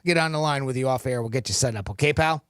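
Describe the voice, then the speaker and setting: A man's voice: medium pitch, fairly bright tone, smooth, dry recording, clean studio sound. Easygoing man hosting radio talk. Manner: easygoing, teasing, quick to laugh. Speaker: radio show host. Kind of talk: casual radio banter.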